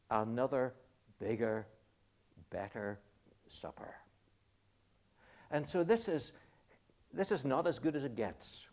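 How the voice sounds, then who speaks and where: A middle-aged man preaching a sermon, slow and deliberate, drawing out key words for emphasis. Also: medium pitch, darkish tone.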